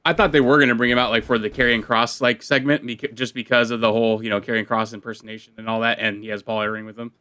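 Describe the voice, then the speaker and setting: A man co-hosting a podcast in casual chat, making quick asides. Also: mid-range voice, flat delivery, bright, forceful tone, clean tone. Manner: quick asides, laughs often. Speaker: podcast co-host.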